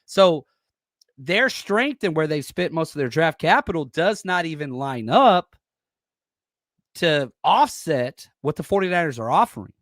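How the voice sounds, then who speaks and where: A man hosting a casual podcast, speaking with a slightly high voice, blunt and salty. He often gets loud and fired up as he makes his points. The sound is dry and close to the mic, with no room echo. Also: big pitch swings, a little slow. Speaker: podcast host and former coach. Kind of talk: casual solo football preview reading live chat.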